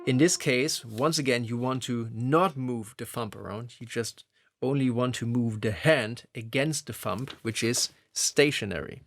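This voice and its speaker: A man teaching lead guitar phrasing, explaining in a relaxed, conversational way. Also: mid-range voice, measured pace. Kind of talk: instructional explanation. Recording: loud guitar playing behind voice. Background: electric guitar playing.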